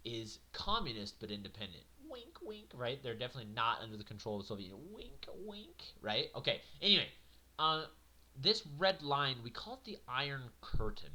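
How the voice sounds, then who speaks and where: A man teaching a history lecture in a conversational, animated way with jokey asides. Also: mid-range voice. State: yawning, a little tired.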